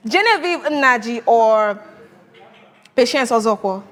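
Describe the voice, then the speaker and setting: Young woman show host, higher voice, bubbly, quick to laugh. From Nigeria. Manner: lively, laughs often. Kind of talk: talk show hosting.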